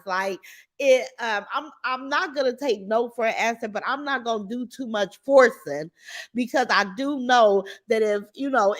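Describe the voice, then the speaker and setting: A woman's voice: a little high, a bit bright. Chatty sounding woman livestream host. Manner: reads viewer comments aloud, chatty and opinionated. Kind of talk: casual live-chat commentary.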